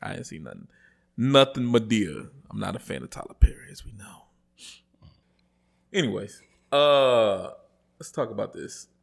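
Animated man ranting on a podcast. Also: on the low side, moderate pace, gravelly, pauses often. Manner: animated, rises to loud ranting when worked up. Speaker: podcast co-host. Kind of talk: casual podcast chat.

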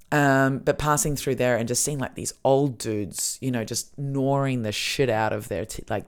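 A woman hosting a podcast, telling casual stories in a rambling way with lots of fillers and swearing. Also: rumbling low. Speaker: podcast host. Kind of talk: casual chat, storytelling.

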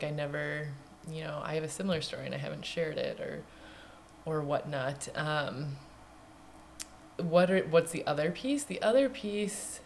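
Low-voiced earnest woman, yoga teacher. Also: a little hiss or hum. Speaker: podcast guest, yoga teacher. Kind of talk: casual chat.

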